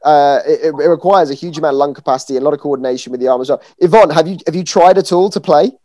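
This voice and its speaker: A man hosts a relaxed conversation and talks fast with a chatty, questioning manner. His voice is a little high and mellow in tone. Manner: quick, chatty, asks questions. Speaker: host. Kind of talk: casual chat.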